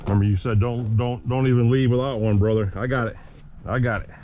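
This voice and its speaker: An RC hobby vlogger packs up his gear while chatting casually with viewers, calling them guys and boys in a jokey, easygoing way. His mid-range voice holds a steady tone at a slightly fast pace. The lo-fi recording sounds dull, with clearly audible background noise.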